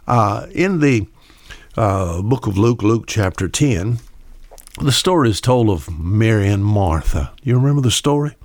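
Man preaching, low voice, folksy storytelling, acts out voices, dry close sound. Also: expressive, measured pace, a little mellow, no echo. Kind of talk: sermon.

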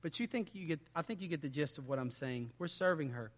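A man preaching a sermon in a conversational way, dropping to quiet asides and rising to loud emphatic stretches. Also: a little high, lively intonation, quick pace, big-room sound. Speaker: pastor.

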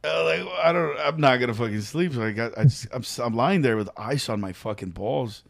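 A man's voice: mid-range voice, a little fast, vocal fry, no room sound, studio quality. A man telling a story in casual podcast chat, swearing freely and acting out what people said. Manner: profane, animated, acts out quotes. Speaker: podcast co-host.

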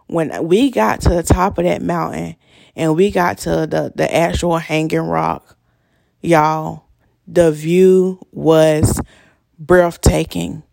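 A young woman, hosting a podcast and telling a story in a chatty, animated way. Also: on the low side, creaky, no echo, clean studio sound. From North Carolina. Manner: chatty, animated, addresses listeners as y'all. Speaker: podcast host. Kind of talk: casual storytelling monologue.

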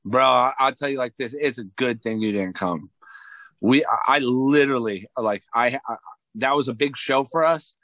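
A man's voice: mid-range voice, moderate pace, fairly bright tone, no room sound. A young adult man, a musician guest, chatting casually and telling stories with swearing and laughter. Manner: loose, profane, laughing storyteller. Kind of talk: casual chat.

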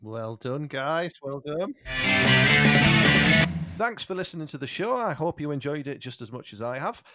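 Male podcast host, animated outro, guitar music behind. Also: fairly high pitch. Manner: friendly, brisk outro. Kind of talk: podcast sign-off.

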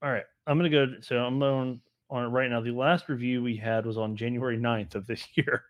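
A man hosting a podcast, easygoing and relaxed, with lots of "um" and quick agreement. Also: medium pitch, highs cut off. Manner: easygoing, affirming, many ums. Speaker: podcast host. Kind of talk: casual chat.

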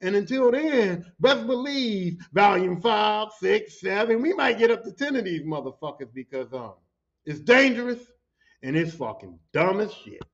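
A high-voiced man spins a rowdy, profane story as a podcast host, jumping into his coworkers' voices as he goes. The sound is dull and lo-fi. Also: big pitch swings, normal speed. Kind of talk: casual storytelling monologue.

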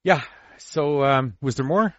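A man's voice: medium pitch, a little slow, a bit bright, no echo. A man co-hosting a podcast in casual chat, swearing and riffing animatedly. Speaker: podcast co-host. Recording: lo-fi dry recording.

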